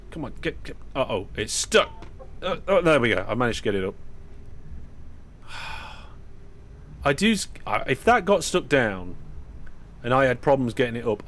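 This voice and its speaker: Young UK man, chatty live-stream gamer, talks to viewers mid-game, relaxed and rambling. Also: medium pitch, a little hiss or hum. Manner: chatty, talks to viewers while playing, frequent fillers and restarts. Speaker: streamer driving a train simulator. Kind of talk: casual live-stream commentary.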